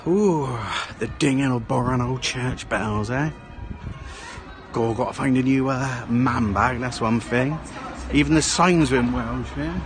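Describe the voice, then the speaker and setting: A man's voice: medium pitch, measured pace, music in the background. Bloke rambling on his town walk vlog, lots of "eh?" at the end. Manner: rambling chatter with tag questions. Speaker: vlogger. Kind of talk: casual walking vlog. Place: outdoors in a small town.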